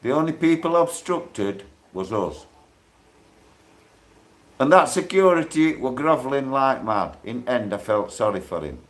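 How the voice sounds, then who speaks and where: A man, hosting a casual livestream while in pain, rambling and quickly turning irate. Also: medium pitch, expressive. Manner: rambling, grows irate and loud when aggrieved. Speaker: livestreaming channel host.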